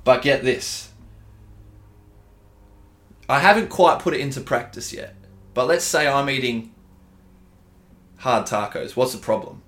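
Brief: Australian gym-owner podcast host, relaxed, swears a lot, calls everyone bro. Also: male voice, medium pitch, a little slow, pauses often. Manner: laid-back, swears freely, calls listeners dude and bro. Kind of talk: casual podcast chat.

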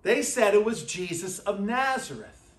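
A male pastor preaches with emphatic, repeated phrases, sometimes sinking to a quiet intensity. His voice sits fairly high and his delivery is slow and deliberate. The sound carries the reverb of a church room. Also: sing-song. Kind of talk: sermon. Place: church sanctuary.

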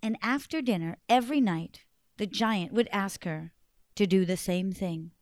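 A woman storyteller telling a folktale live to children, in a lively, animated way. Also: mid-range voice, unhurried, no room sound, clean studio sound.

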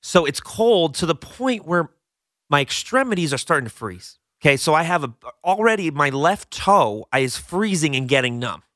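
A young man co-hosting a casual podcast, telling a story animatedly with his voice jumping high when excited. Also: normal speed, no room sound, clean studio sound. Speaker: co-host.

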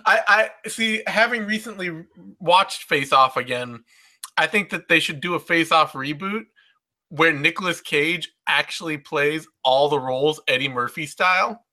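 A man's voice: fairly high pitch, measured pace, pushed and bright. A man co-hosting a podcast in casual chat, joking and often stammering over his words. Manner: jokey, stammers and restarts. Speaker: podcast co-host.

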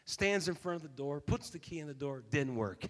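A man in his fifties preaching a sermon as a pastor, telling a story and then building to loud, emphatic preaching. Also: fairly high pitch, lively intonation, moderate pace. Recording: long reverb of a large hall.

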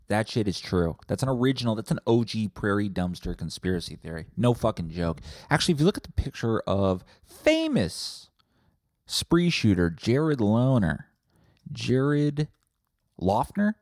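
A low-voiced man rambling through a comedy podcast monologue, jumping between tangents and swearing freely. His delivery swings widely in pitch, and the room sounds dry and close. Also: very animated, measured pace, darkish tone, no room sound. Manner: rambling, profane, tangent-hopping. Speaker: podcast host.

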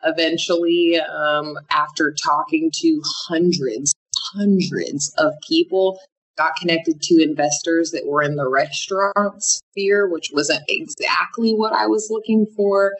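A woman's voice: sits low, fairly even intonation, unhurried, breathy edge, poor audio. A young adult woman, a business founder, answering interview questions candidly with frequent restarts.

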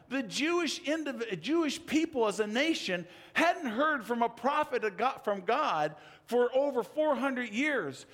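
A male preacher with a high voice works through a sermon as a story. He rises and drops dramatically, sometimes hushing low and sometimes swelling up. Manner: dramatic storytelling, big swings in pitch and loudness.

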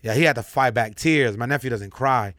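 A man's voice: medium pitch, a little fast, fairly bright tone. A young adult man hosting a podcast, talking candidly and emphatically in casual chat, often repeating himself for stress. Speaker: podcast host.

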